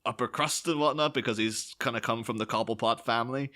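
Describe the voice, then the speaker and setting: Bright-voiced rambling man. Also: lowish voice, lively intonation, normal speed. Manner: rambling, enthusiastic, many restarts. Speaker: podcast co-host. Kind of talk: casual film podcast chat.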